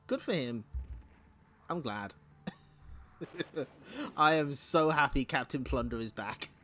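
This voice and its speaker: Male streamer reading comics, giggly chatty asides, lively pitch. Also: slow, slight background noise. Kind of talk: comic read-along.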